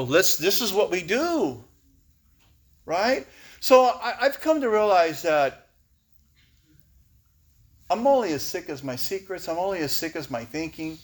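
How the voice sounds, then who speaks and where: A man shares his personal story before a recovery group in a candid, emotional way, laughing now and then. His voice sits somewhat high for a man. He often restarts his sentences as he talks. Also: fairly bright tone. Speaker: speaker sharing at a recovery meeting. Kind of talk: personal testimony talk.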